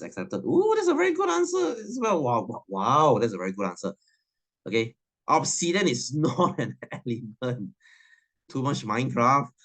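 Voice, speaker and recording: A man's voice: medium pitch, a bit bright. A man, teaching a science class in a chatty, teasing way and laughing often. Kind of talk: classroom lesson.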